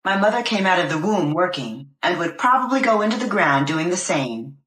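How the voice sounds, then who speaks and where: A woman reading a first-person novel aloud in a measured, deliberate way. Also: fairly low pitch, lively intonation, a bit bright. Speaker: narrator. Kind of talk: scripted first-person audiobook narration. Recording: roomy echo.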